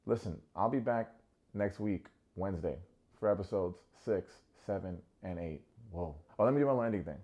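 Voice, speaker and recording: A man's voice: on the low side, moderate pace, husky, dull audio. Chatty man recapping a TV show. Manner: chatty, animated, addresses viewers directly. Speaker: TV reality show reviewer. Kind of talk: casual video recap commentary.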